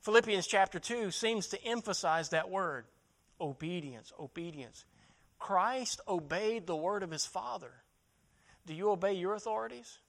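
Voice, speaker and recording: A man's voice: sits high, moderate pace, creaky, fairly bright tone. A man preaching a sermon as pastor, asking rhetorical questions, repeating words as he restarts, and building to emphatic peaks.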